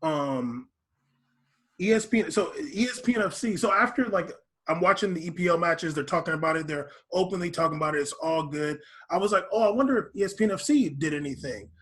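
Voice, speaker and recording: Man, podcast co-host, slightly high husky voice, loose rambling casual delivery. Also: expressive, a little fast, fairly bright tone. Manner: rambling, full of fillers and restarts.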